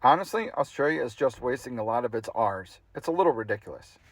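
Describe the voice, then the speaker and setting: Guy reading a funny memoir out loud, easygoing, mid-pitched, chuckles at the text sometimes. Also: lively intonation, quick pace, no echo. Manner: casual, amused reading that breaks into laughter. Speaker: audiobook reader.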